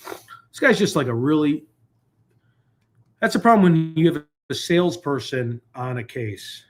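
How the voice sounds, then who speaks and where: A man's voice: fairly high pitch, lively intonation, unhurried, slight background noise. A man hosting a live call-in stream from a hotel room, talking casually and rambling between jokes. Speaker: host.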